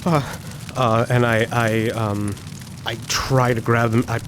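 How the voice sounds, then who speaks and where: A man's voice: medium pitch, steady tone, takes it slowly. Hesitant man playing a tabletop game. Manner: hesitant, many fillers. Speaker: player. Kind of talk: casual tabletop play. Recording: noisy background.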